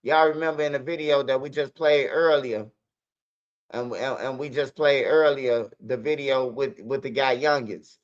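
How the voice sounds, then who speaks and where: A man's voice: mid-range voice, normal speed. A man hosting a stream, talking in rambling casual commentary with street slang and repeated words. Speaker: streamer host. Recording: dull lo-fi stream audio.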